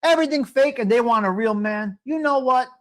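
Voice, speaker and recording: A man hosting a live stream, chatting casually and ranting loudly with heavy swearing, calling out viewers by name. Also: very high-pitched, a little fast. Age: 50s. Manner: loud, profane, ranting, addresses viewers by name.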